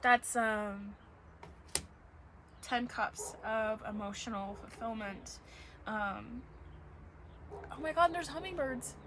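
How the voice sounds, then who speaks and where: A woman's voice: on the high side, takes it slowly, long pauses, noisy background. A woman giving a casual tarot reading to camera, emotional and gushing, close to tears at times, with dogs barking in the background. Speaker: tarot reader.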